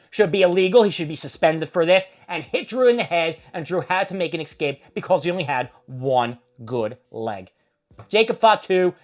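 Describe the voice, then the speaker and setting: A man hosting a casual wrestling recap, rambling and opinionated with plenty of swearing. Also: on the high side. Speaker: host.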